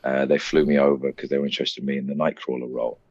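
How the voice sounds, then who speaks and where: A British actor talking as an interview guest, explaining his craft at length in a relaxed, reflective way. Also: a bass voice, very fast, breathy edge, dry recording, muffled recording. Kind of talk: casual interview chat.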